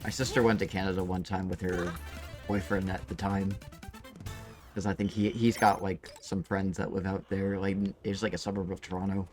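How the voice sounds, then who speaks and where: A Midwestern American man talks loosely during a game stream, padding his sentences with fillers. His voice sits on the low side. Game music plays clearly under him. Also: flat delivery, moderate pace, darkish tone. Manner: rambling, lots of fillers like "like" and "uh". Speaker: streamer and co-host.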